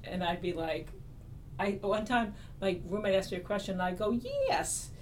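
A woman's voice: mid-range voice, a little fast, slight background noise. A woman with a Boston accent, an interview guest who tells stories animatedly and acts out what others said. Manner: animated, laughing, acts out quoted voices. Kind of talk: conversational storytelling.

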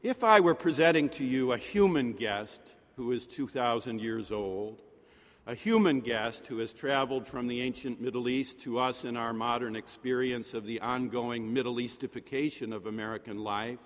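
A man preaching a sermon in a rhetorical manner, with dramatic pauses and soft drops in his voice. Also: medium pitch. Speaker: pastor. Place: chapel. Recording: long reverb of a chapel.

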